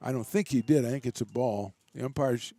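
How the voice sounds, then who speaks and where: A man doing relaxed, chatty play-by-play commentary for a college baseball game, with self-deprecating asides. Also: medium pitch, fairly quick, no room sound. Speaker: play-by-play announcer.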